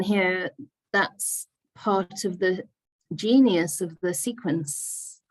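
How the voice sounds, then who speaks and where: A Buddhist nun leading a discussion group over a video call, answering questions in a thoughtful, laughing way. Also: female voice, on the low side, gravelly. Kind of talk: casual teaching discussion.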